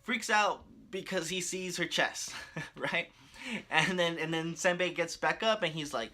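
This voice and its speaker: A man with a fairly high, bright voice recapping a cartoon story. His delivery is animated and casual, and he breaks into laughs often. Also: measured pace. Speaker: video creator.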